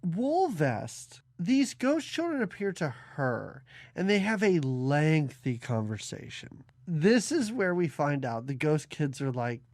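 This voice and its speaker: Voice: medium pitch, slow, dry recording, clean studio sound. A podcast co-host in casual movie-review chat, mocking scenes and acting out lines from them. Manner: animated, mocking, acts out quotes from scenes.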